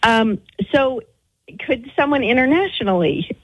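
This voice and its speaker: A woman's voice: high-pitched, expressive, a little slow, breathy edge, no room sound, poor audio. Friendly, chatty woman caller from Utah. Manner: friendly, chatty, with indignant asides. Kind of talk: call-in radio chat.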